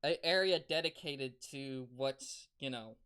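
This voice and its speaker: A streamer giving casual advice on a livestream, rambling and halting, with many restarts and fillers. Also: mid-range voice, fairly bright tone, clear, resonant tone.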